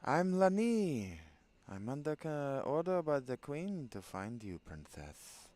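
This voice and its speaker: A man's voice: fairly high pitch, big pitch swings, takes it slowly, a little mellow, pitched above the performer's own voice. A man voicing a menacing female bounty hunter from a game, with a lisp and an attempted Castilian Spanish accent. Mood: taunting. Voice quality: lisping. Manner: taunting, threatening.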